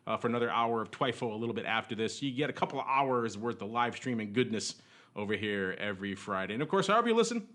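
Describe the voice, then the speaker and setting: A man's voice: medium pitch, animated, fast talker, fairly bright tone. A man hosting a podcast in casual chat, jokey and rambling with frequent chuckles. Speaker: podcast host.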